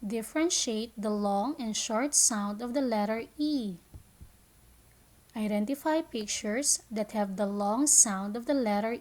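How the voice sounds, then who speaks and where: Slow, high-voiced woman teaching phonics. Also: darkish tone. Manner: slow, clear teacher talk with drawn-out sounds. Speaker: kindergarten teacher. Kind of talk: online phonics lesson.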